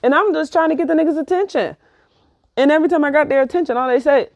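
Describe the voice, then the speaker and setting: A woman's voice: sits high, fast, no room sound. Slangy New woman telling a story. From New York. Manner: slangy, profane, animated retelling. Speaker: vlogger. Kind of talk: casual storytelling.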